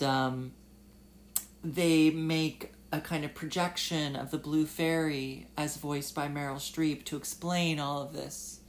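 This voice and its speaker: A young woman hosting a solo casual talk, halting and filler-heavy, and tearful as she talks. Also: deep voice, vocal fry, slight background noise. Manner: halting, with many fillers and restarts. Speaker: podcast host.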